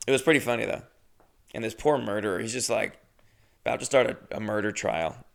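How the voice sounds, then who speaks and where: A man tells a story in a casual, rambling way, swearing often and joking along. His voice is gravelly yet resonant and smooth. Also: mid-range voice, big pitch swings, a little fast, a bit bright. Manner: profane, rambling and jokey. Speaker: podcast host telling a story.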